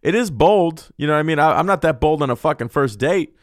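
A young man hosts a comedy podcast, reading out listener emails and ranting crude, profanity-laden advice. His voice sits a little high for a man. The sound is dry and close to the mic. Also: brisk, no echo. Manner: profane, blunt, excitable, reads listener emails aloud. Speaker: podcast host answering listener questions.

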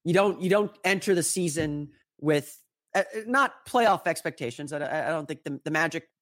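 A man's voice: fairly high pitch, expressive, normal speed, fairly bright tone, dry recording. A man being interviewed about basketball, recovering from an illness, talking with frequent restarts and hesitations. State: recovering from illness, slight cough. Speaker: podcast guest, team analyst. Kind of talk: casual interview answers.

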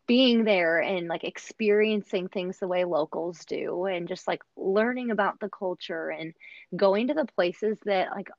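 A lowish female voice with no room sound comes through a dull, dry lo-fi recording. The speaker is a young American woman, a former au pair appearing as a guest, animatedly telling stories in casual talk loaded with fillers.

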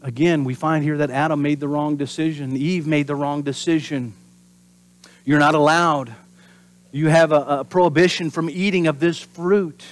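A pastor delivering a sermon in an animated preaching manner. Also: male voice, on the high side, normal speed. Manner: animated preaching, acts out voices and drops to whispers for emphasis.

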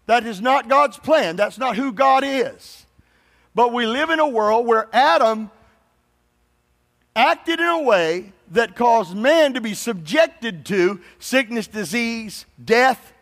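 A man's voice: extremely high pitch, expressive, slow, fairly bright tone. A man preaching a sermon as pastor, calling on the congregation to answer him and say amen. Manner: call-and-response preaching, prompts congregation to say amen. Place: church sanctuary. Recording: long hall reverb.

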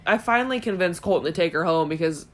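A woman's voice: fairly low pitch, lively intonation, fast. A woman co-hosting a podcast, telling a long story casually with blunt, frequent swearing. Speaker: podcast co-host. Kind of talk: casual chat.

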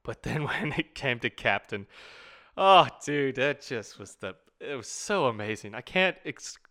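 A man in casual conversation about a film, excitable and laughing often, quoting lines from the movie. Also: medium pitch, measured pace. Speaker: movie fan discussing a film. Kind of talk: casual chat.

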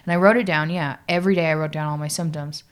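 Low-voiced woman telling a story. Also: steady tone, clear, resonant tone. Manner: halting, filler-heavy, lots of "like". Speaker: podcast guest. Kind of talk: casual storytelling in conversation.

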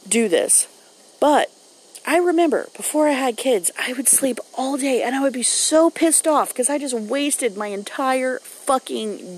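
Blunt, foul-mouthed mom. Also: female voice, on the high side, a little mellow, rough recording. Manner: blunt, profane, storytelling. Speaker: mom vlogger. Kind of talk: casual monologue to camera.

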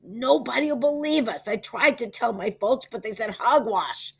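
A woman's voice: mid-range voice, animated, normal speed, creaky, fairly bright tone, husky, pitched above the performer's own voice, exaggerated voice. A woman voicing a frightened, whining young boy in a read-aloud story. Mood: scared, whiny. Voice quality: wailing, plaintive.

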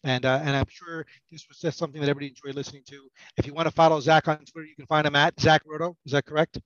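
A man's voice: on the high side, little pitch movement, very fast, fairly bright tone, no room sound, highs cut off. A middle-aged man chatting as a podcast guest, rambling and self-mocking, with many restarts. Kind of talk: casual podcast banter.

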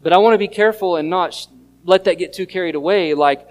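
A pastor, preaching an earnest sermon that mixes scripture reading and storytelling. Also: male voice, high voice, fast, soft background music. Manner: earnest teaching tone, reads scripture aloud and tells stories.

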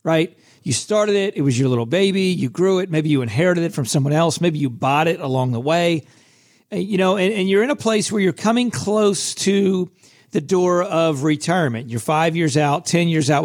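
A middle-aged man with a hoarse, scratchy voice, hosting a casual solo podcast in a chatty, self-deprecating way. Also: fairly high pitch, normal speed. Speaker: podcast host.

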